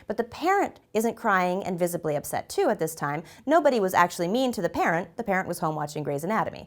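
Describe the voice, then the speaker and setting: A woman presenting a scripted mental health lesson, calm and explanatory, often checking in with "right?". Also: mid-range voice. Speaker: clinical psychologist presenting a mental health segment. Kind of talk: scripted educational talk to camera.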